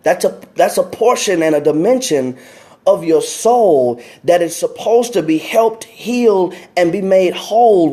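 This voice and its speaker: Earnest man with a mellow voice. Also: sits high. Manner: earnest, repeats phrases, many restarts; greets viewers by name mid-talk. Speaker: speaker giving life advice. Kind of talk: casual motivational talk.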